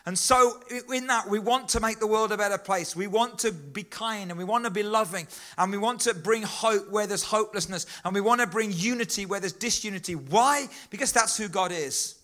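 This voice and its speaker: A man's voice: high voice, brisk, hardly any pauses, pushed and bright. A middle-aged male preacher delivering a sermon, emphatic and rhythmic, repeating key phrases.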